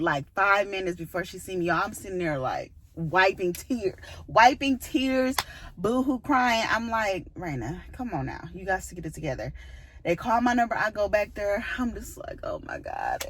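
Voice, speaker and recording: A woman book vlogger telling a story to her viewers in a casual, animated way, laughing and poking fun at herself. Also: fairly high pitch.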